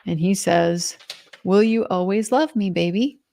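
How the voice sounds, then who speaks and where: A middle-aged woman walks through what happened in court that day. She tells it in an animated way and voices the quoted lines in her own plain, mid-range voice. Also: mid-range voice, measured pace, gravelly. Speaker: legal commentator. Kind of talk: recounting courtroom testimony.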